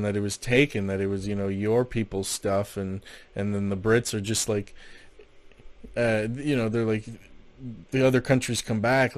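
A man's voice: fairly low pitch, no echo. A man, a comedian co-hosting a podcast, chatting casually in a rambling, self-interrupting way and laughing often. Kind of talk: casual banter.

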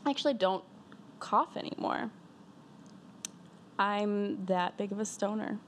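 Chill young woman podcasting while high, laid-back, swears a lot, faint room noise. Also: a little slow. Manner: laid-back, giggly, profane. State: high from smoking. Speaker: podcast co-host. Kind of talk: casual chat. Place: apartment in Chicago.

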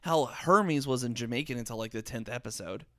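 A man's voice: medium pitch, normal speed, pushed and bright, no echo, studio quality. A man chatting casually about a cartoon series, rambling with many fillers and restarts. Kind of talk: casual review chat.

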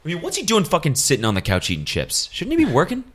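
A man's voice: a little high, huge pitch swings, fast talker, a bit bright, breathy edge. A man co-hosting a casual show recap, joking, swearing and laughing as he talks. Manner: swearing, laughing, joking about his accent. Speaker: podcast co-host.

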